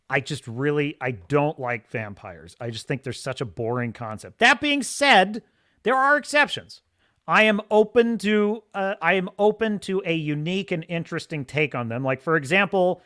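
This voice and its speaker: A man's voice: a little high, a bit bright. A man hosting a livestream podcast, chatting casually and enthusiastically, rambling and laughing often. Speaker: podcast host.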